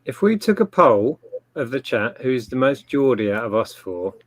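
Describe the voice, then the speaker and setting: Woman with super deep voice egging her friend on, lively. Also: moderate pace, no room sound. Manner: coaxing, teasing. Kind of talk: casual chat on a livestream.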